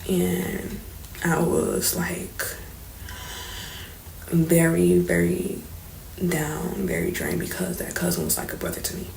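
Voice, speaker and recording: A woman's voice: lowish voice, very animated, takes it slowly, creaky, pauses often, darkish tone. A young woman telling a personal story in a casual, candid vlog, slangy and swearing as she goes. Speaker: vlogger telling her story. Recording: roomy echo, faint background noise.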